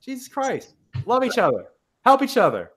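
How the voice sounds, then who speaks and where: A man's voice: very high voice, wildly swooping pitch, normal speed, a bit bright, husky. A young man talking casually in a podcast conversation, frank and emphatic, with frequent swearing. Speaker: podcast guest. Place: in the US Midwest.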